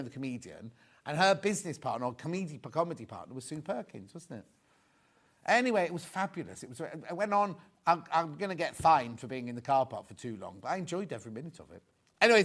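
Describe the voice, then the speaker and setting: Chatty man, higher voice. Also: fairly bright tone. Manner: chatty, rambling, jokey asides. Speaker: shopping channel host. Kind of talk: live TV selling, casual chat.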